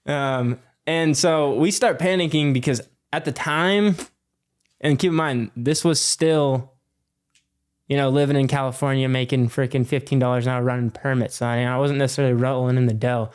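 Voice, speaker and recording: A young man in his twenties, a podcast guest telling a story in a loose, animated way with lots of fillers and swearing. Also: medium pitch, moderate pace, clean tone. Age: 20s. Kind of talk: casual storytelling.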